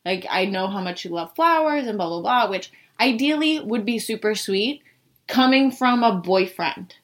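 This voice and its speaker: A woman's voice: medium pitch, expressive, normal speed, a bit bright. A young woman from the Boston area telling a personal story in a casual, chatty way, saying "like" constantly and swearing now and then.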